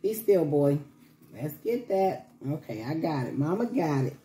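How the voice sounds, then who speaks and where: Woman vlogger, chatty and repetitive, laughs easily; warm low voice, echoey home room. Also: very animated, unhurried, soft background music. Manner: chatty, repeats herself, laughs often. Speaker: vlogger caring for baby dolls. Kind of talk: casual chat to camera. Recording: echoey room with faint background noise.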